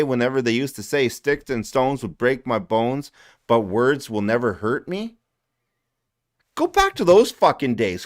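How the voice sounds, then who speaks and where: A man hosting a casual livestream, ranting with lots of swearing and repeated phrases. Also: medium pitch. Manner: profane, ranting, repeats himself. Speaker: livestream host.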